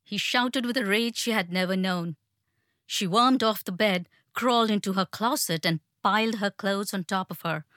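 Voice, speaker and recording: A woman narrating an audiobook in a measured, tense storytelling manner. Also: mid-range voice, fairly bright tone, dry recording, studio quality.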